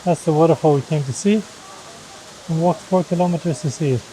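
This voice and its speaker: A man's voice: on the high side, a little fast, warm tone, a little hiss or hum, poor audio. A man vlogging while walking through a river gorge, explaining the sights to a handheld camera in a casual, chatty way. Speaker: travel vlogger. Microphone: handheld camera held aloft.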